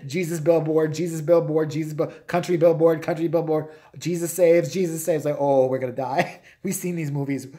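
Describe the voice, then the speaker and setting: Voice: medium pitch, a little mellow. A live-show host from Chicago chatting casually, rambling through stories, laughing often and swearing a lot. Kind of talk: casual live-stream chat.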